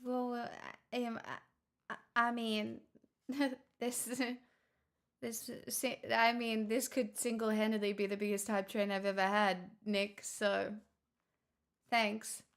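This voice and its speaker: High-voiced woman streamer, slow, flustered and giggly, casual chat. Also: level tone. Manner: flustered, giggly, grateful, talks in stops and restarts.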